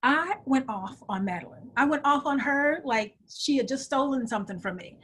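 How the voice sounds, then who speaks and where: A middle-aged woman telling a personal story in an interview, animated and acting out the voices of people she quotes. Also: high voice, moderate pace, few pauses, slightly rough. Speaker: guest.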